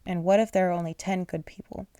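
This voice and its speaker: Old faithful patriarch in a bedtime bible story, woman reading plainly, lowish mellow voice. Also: steady tone, fast, dry recording, studio quality, lightly acted. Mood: pleading. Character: Abraham, elderly faithful patriarch, bargaining.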